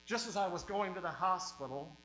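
Forceful, emphatic man preaching a sermon. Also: high-pitched, animated. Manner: emphatic preaching with sudden swings in loudness and drawn-out words. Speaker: pastor. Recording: roomy, dull sound with faint mains hum.

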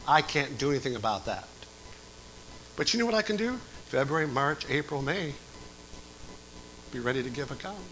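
A middle-aged man preaching a sermon as pastor, swinging from quiet talk to shouted exhortation. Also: sits high, a little hiss or hum, rough recording.

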